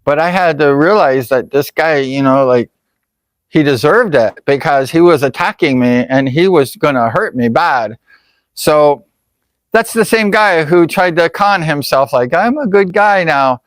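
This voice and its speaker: A man with a slightly high voice tells a personal story in a loose, rambling vlog style, peppering it with "like" and "you know". The sound is dry and close, with no room around it. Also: lively intonation, a little slow, no echo. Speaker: vlogger.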